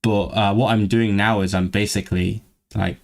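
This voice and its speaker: A man's voice: on the low side, level tone, moderate pace, vocal fry. A man streaming live, chatting casually with a vaguely southern British accent and many stumbling restarts. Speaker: language-learning streamer. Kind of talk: casual livestream chat. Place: lives in northwest England.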